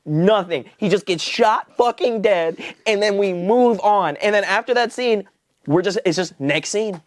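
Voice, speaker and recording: Young male podcast co-host, fairly high voice, dry close sound, lively storyteller who jumps into squeaky character voices. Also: unhurried, no room sound. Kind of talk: casual chat.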